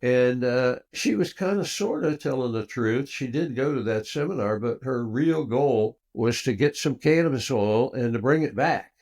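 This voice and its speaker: An older man speaking at an ordinary middle pitch, recounting a personal story as an interview guest. He's an animated storyteller who acts out the dialogue with big swings in pitch and loudness. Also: normal speed, few pauses.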